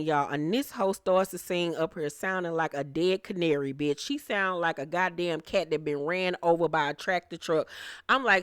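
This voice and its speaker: A woman's voice: on the low side, normal speed, clean tone, no room sound, studio quality. Brash, profane woman recapping reality TV. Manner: brash, profane, laughs often. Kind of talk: casual recap commentary.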